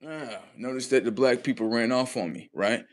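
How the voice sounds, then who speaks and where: A man hosting a livestream, swearing heavily in a mocking rant that swings between loud high outbursts and low muttering. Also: moderate pace. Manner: heavy swearing, mocking, talks at the audience. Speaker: livestream host.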